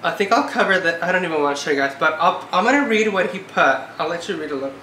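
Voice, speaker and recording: A woman's voice: lowish voice, lively intonation, fast talker, sharp tone, slight background noise. A woman in her twenties chatting casually in a vlog, peppering her talk with "like" and sounding exasperated. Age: 20s. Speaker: vlogger. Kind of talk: casual chat. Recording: echoey room.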